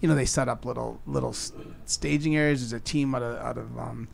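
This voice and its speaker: A man's voice: medium pitch, steady tone, brisk, creaky, a little hiss or hum. A man co-hosting a podcast, giving technical advice step by step in casual chat. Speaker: podcast co-host.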